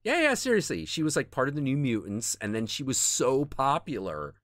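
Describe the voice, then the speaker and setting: A man's voice: mid-range voice, big pitch swings, a little fast, a bit bright, no room sound, clean studio sound. A man hosting a casual stream, chatting about comics in a rambling, profane way and stopping to search for things as he talks. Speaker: stream host.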